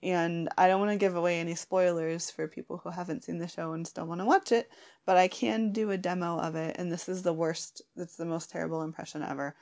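Giggly, rambling woman with a gravelly voice. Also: on the low side, steady tone, fairly quick, a little mellow. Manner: giggly, rambling, many fillers and restarts. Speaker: guest answering questions. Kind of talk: casual chat.

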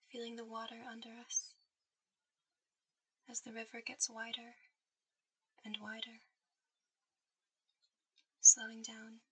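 Breathy whispering woman, whispered role-play. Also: on the high side, rough recording. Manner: soft intimate whisper, guiding to sleep. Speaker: ASMR performer.

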